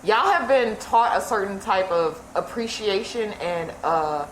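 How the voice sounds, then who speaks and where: A woman's voice: medium pitch, animated, unhurried. A woman co-hosting a casual podcast discussion, emphatic and repeating phrases for effect. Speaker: podcast co-host. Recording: echoey room with faint hiss.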